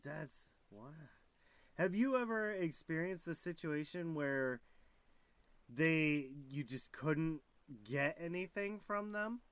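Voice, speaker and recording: A man's voice: fairly high pitch, expressive, fairly bright tone, clean tone, dry recording. A man hosting a podcast interview, asking questions and reacting with amazement. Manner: slow, easily impressed reactions. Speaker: podcast host. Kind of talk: casual interview.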